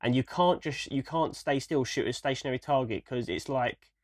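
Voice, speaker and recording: A man's voice: mid-range voice, normal speed, no echo. A young man, co-hosting a casual podcast in an easygoing, explaining way. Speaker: podcast co-host. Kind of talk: casual chat.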